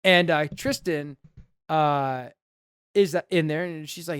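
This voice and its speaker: A man's voice: a little high, unhurried, a bit bright, clear, resonant tone, dry recording, studio quality. A man co-hosting a podcast, sarcastically retelling a horror film's plot with quoted voices. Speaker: podcast co-host. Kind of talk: casual movie recap chat.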